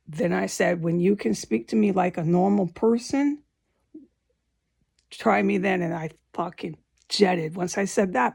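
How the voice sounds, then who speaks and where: This vlogger's voice sits fairly low, gravelly and slightly rough, with a darkish tone. Emotionally she relives a frightening run-in, circling back over the same points, swearing, and voicing what others told her.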